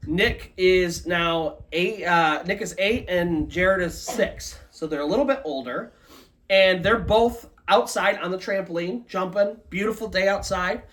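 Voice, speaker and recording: A storyteller retells a ghost story live, speaking a little slowly in a mid-range, fairly bright voice. The telling is loose and conversational, packed with "like" and "kinda."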